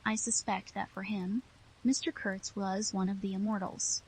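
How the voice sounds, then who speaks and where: A woman narrating a classic novel in the first person, with a steady, somber reading. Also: medium pitch, moderate pace, a little hiss or hum, low-quality recording. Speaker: audiobook narrator.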